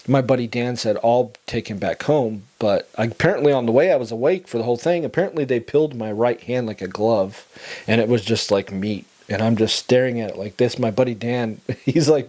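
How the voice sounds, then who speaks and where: Casual male storyteller, young adult, mid-range pitch, conversational with laughs, low and quiet when somber.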